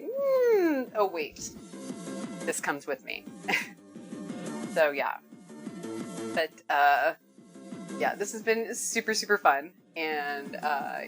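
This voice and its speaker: Young woman, live-stream cooking host, casual chat, laughing and swearing, animated pitch, music clearly behind. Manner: chatty, laughing often, swears freely. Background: music playing.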